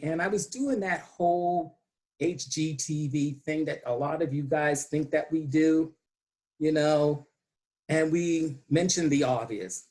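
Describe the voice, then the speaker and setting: A man giving a prepared humorous speech to his club over a video call, telling a story with slow dramatic pauses. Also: fairly high pitch, darkish tone. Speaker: club speaker.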